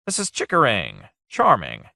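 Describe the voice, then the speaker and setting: A cunning gentleman speaks in smooth, courteous tones, voiced by a man reading a storybook. He stays mild and polished, with a lively lilt. The recording is close and dry. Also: mid-range voice, measured pace, no echo, pitched above the performer's own voice, exaggerated voice. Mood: suave. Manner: suave and mild.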